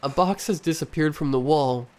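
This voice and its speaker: A man voicing an adult woman who calmly reports what she sees in a read-aloud scary story. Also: a little high, moderate pace, pitched above the performer's own voice, lightly acted. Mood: steady. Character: adult woman, a spirit medium, calm and obedient.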